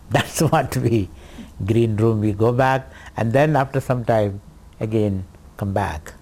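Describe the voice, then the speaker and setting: Slow-spoken swami. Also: male voice, on the low side, a little mellow. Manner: slow, deliberate teaching with repetitions and light laughter. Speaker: swami teaching scripture. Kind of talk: spiritual lecture.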